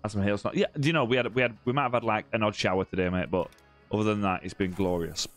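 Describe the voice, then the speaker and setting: A southern English man in a home setup chats his way through a live gaming stream, reading comments aloud and joking with viewers. His voice sits low and easygoing, full of "mate" and "bro". Soft background music plays beneath him. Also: fast talker. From southern England. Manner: chatty and teasing, many "mate" and "bro" tags, restarts. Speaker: live-stream gamer host. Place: home room.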